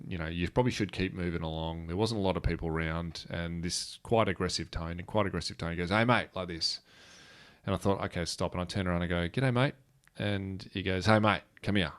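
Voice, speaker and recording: An Australian man in his thirties, telling a story in a rambling way with restarts and fillers. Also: deep voice. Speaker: guest speaker. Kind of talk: conversational storytelling.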